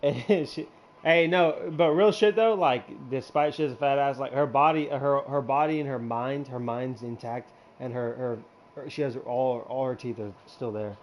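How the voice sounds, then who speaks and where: Young man, crude casual storytelling, rambling, many restarts, laughing often, mid-pitched voice. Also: moderate pace, slight background noise. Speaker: regular in a hangout show.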